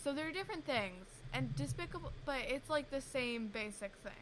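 A woman's voice: high-pitched, animated, moderate pace, very noisy. A young woman co-hosting a podcast in casual chat, playful and teasing, rambling as she talks. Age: young adult. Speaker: podcast co-host.

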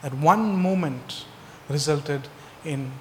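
A man with a slightly high voice preaches a sermon, putting emphatic rhetorical questions to his listeners. His voice rings out with a long reverb, as if he is in a large hall. Faint noise sits underneath the speech. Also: slow pace, darkish tone. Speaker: pastor.

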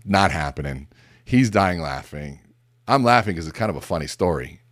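A man's voice: low-pitched, lively intonation, normal speed, a bit bright, no room sound, studio quality. A middle-aged man giving a conversational motivational talk on leadership, direct and emphatic, with casual asides and stories. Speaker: business speaker on leadership. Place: seated indoors.

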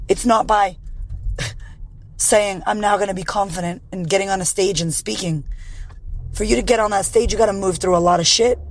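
A woman podcast host with a hoarse, raspy voice, delivering a blunt, profane motivational monologue. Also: mid-range voice, low-quality recording.

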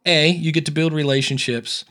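A man's voice: fairly high pitch, steady tone, moderate pace, fairly bright tone. A man being interviewed as a guest on a podcast, chatting casually and acting out the dialogue in his stories. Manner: chatty storyteller who acts out quoted dialogue.

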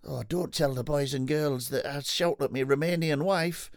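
A man puts on a mellow, agreeable TV cook who keeps saying dude. The voice sits a little high and the sound is dry and close. It is a comic impression, loose and drawling. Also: normal speed, no echo, natural voice. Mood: matey. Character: easygoing bearded male TV cook, agreeable and sweary.

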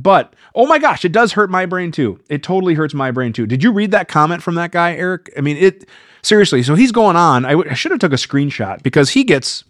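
Animated man hosting a live Q&A. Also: fairly high pitch, no room sound, clean studio sound. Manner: animated, gets worked up and rambles. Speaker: host of a live Q&A stream. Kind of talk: casual live-stream Q&A.

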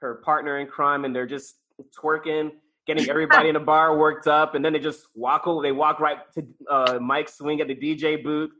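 A man's voice: a little high, little pitch movement, fairly quick, pushed and bright, muffled recording. A man co-hosting a casual podcast chat, playful and laughing as he tells stories. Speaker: podcast co-host.

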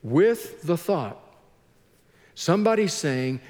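A man delivers a sermon in an unhurried, deliberate way, letting long pauses hang between phrases. His voice sits somewhat high for a man, and it carries through the long reverb of a church sanctuary. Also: animated, darkish tone. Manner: slow, earnest preaching with heavy pauses. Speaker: pastor.

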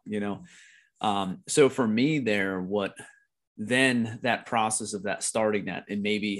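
A man's voice: fairly low pitch, steady tone, a little slow. A middle-aged American man telling a personal story in a candid conversation, blunt and profane, often repeating himself.

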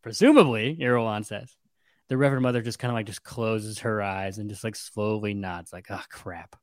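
Animated man retelling a story, dry sound. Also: fairly low pitch, brisk, dry recording. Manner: animated, acts out quotes with shifts in voice. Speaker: podcast co-host recapping a novel. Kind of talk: casual chat, retelling a story.

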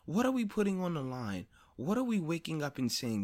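A man hosting a podcast, talking in a personal monologue, blunt and profane, repeating phrases for emphasis and rising louder and higher as he presses a point. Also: big pitch swings, a little fast. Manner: grows louder and higher when stressing a point. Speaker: podcast host.

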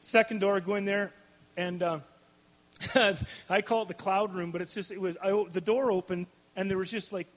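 A man preaching a storytelling sermon to a live audience, animated, laughing often and restarting his sentences. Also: high-pitched, normal speed. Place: large hall before a live audience. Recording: long hall reverb.

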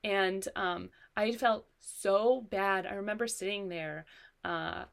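A woman's voice: medium pitch, steady tone, takes it slowly, gravelly, clean tone. A woman in her thirties, a parent, reflecting and telling a story in casual chat. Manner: reflective, trails off into soft asides.

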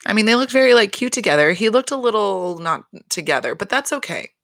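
A woman giving a casual solo recap of a reality show, rambling and expressive, swearing freely and laughing often. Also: mid-range voice, brisk, no echo, studio quality.

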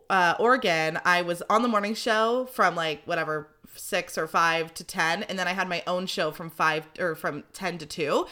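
A woman's voice: mid-range voice, pushed and bright. A young woman hosting her podcast alone, chatty and rambling, swearing freely. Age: young adult. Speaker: podcast host. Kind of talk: casual solo chat.

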